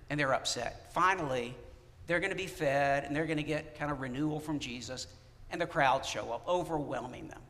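A man preaching a sermon in a conversational, animated way, with casual asides to the congregation. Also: a little high. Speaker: pastor. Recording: long reverb of a church hall.

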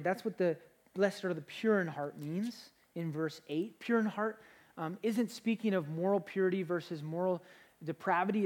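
A man's voice: high-pitched, a little mellow. A young man preaches a sermon with energy, speaking in a conversational way. He often stops to restart a phrase before pressing on. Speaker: pastor.

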